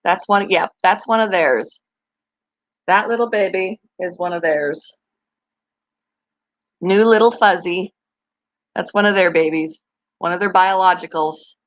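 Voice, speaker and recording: A woman with a lowish voice runs her pet channel, speaking unhurriedly and pausing often as she chats live with viewers. She gushes over tiny baby animals and laughs a lot, with the audio sounding dull.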